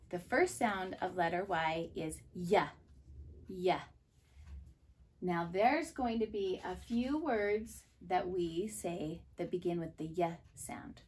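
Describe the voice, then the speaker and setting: A woman teaching a phonics lesson to preschool children. She speaks slowly and clearly and says each word twice, with excited bursts on the exclamations. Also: fairly low pitch.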